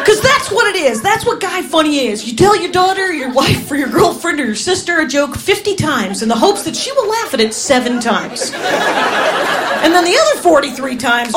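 Woman, stand-up comic, from Wisconsin, high voice, very animated, noisy recording. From Wisconsin, USA. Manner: animated, laughing through punchlines. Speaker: stand-up comedian. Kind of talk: stand-up comedy storytelling.

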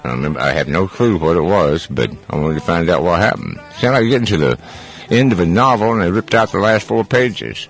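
A man's voice: sits low, animated, fairly quick, hardly any pauses, soft background music. A man hosting a call-in radio talk show, chatty and jokey, often rambling as he talks. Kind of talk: casual call-in radio chat.

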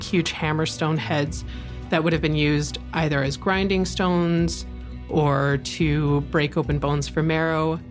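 A woman explaining in a documentary interview, engaged and emphatic. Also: low voice.

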